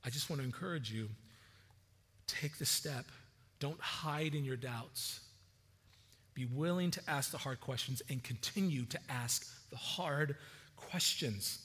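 A man preaching a sermon as a pastor, conversational and animated, often repeating words as he starts a phrase. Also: medium pitch, unhurried, breathy edge, in a large hall.

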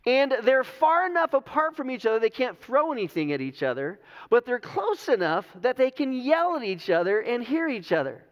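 Preach as a man with a high, smooth voice, telling the story casually with a little humor, in a church with long echo. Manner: conversational storytelling with light humor. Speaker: pastor. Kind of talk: sermon. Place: church sanctuary. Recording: long hall reverb, dull lo-fi sound.

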